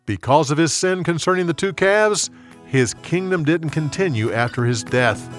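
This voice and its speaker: A man narrating a Bible story in a measured, clear storytelling manner. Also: a little high, expressive, soft background music. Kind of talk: scripted narration.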